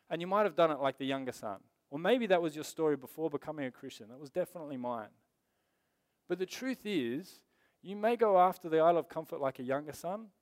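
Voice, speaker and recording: Emphatic preacher, slightly high voice. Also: male voice. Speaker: pastor. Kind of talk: sermon.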